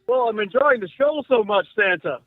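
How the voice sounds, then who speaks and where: Aussie caller, dry sarcastic, tinny phone line, highish voice. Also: male voice, moderate pace, no room sound. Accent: Australian. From Australia. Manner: sarcastic, deadpan.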